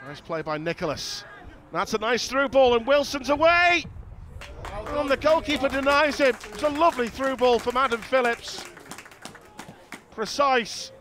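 High-voiced excitable football commentator. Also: male voice, unhurried, pauses often. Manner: rises sharply and loud when goals go in. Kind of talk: match highlights commentary. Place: outdoors at a windy football ground.

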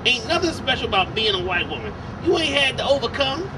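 A woman's voice: a little high, sing-song, fast talker, recorded from a distance, background noise. Woman voicing a brash foul-mouthed male puppet. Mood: defiant. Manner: insulting, crude, cackling and shouting.

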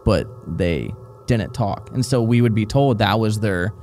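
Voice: medium pitch, unhurried, a little mellow, a little hiss or hum. A co-host of a live paranormal show, chatting casually, playful and often laughing.

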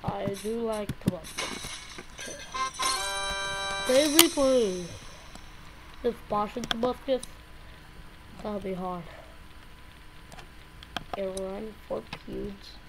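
A woman casually rambling through gameplay commentary, yelping and shouting whenever she loses. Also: mid-range voice, steady tone, slow pace, vocal fry, pauses often, music in the background, rough recording. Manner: rambling, yelps and shouts at game deaths. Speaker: gameplay video host. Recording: loud background noise.

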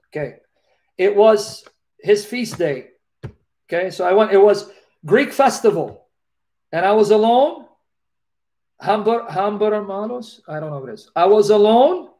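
A man with a notably high voice hosts a live Q&A over a video call. He speaks earnestly and with feeling, circling back to repeat key phrases as he tells a personal story. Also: expressive, unhurried, long pauses, warm tone. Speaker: host of a live Q&A.

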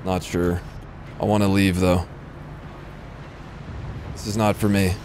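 A man's voice: sits low, level tone, takes it slowly, darkish tone, a little hiss or hum. A male streamer giving casual, chatty live commentary while he plays, answering his chat between moments of the match.

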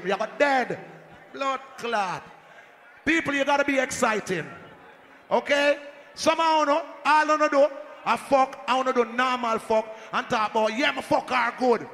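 A man with a Jamaican accent hyping a live dance as sound system selector, shouting and joking with the crowd over a handheld mic. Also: extremely high pitch, moderate pace. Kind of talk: live hype talk at a dance. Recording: echoey hall, faint crowd noise.

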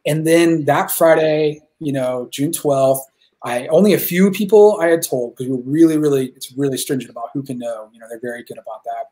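A man talking as a guest filmmaker in a casual interview, excited and rambling, swearing freely as he tells stories. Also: medium pitch, fairly quick.

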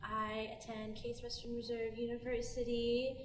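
A woman's voice: fairly high pitch, little pitch movement, normal speed, reverberant, distant mic, soft background music. An eighteen-year-old woman introducing herself to camera in a comedic student video, gushing and overwrought, slipping into tearful laughter.

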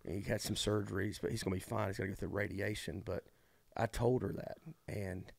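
Gravelly man telling a story. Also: lowish voice, no echo. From eastern North Carolina. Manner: animated, folksy, fast bursts with many fillers and restarts. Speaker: head college baseball coach, guest. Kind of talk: casual storytelling conversation.

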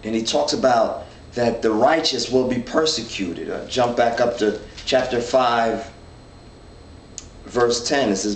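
Teaching informally at a men's Bible study, a man reads passages and works through their meaning aloud, earnest and frequently starting over. He speaks a bit slowly in a mid-range voice, recorded from a distance in an echoey room with faint ambience and slight background noise.

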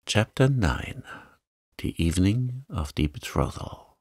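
A man narrating an audiobook in a calm, soft-spoken, soothing way meant to help listeners relax. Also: fairly low pitch, slow pace, breathy edge, dry recording, clean studio sound. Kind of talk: soft-spoken sleep-story reading.

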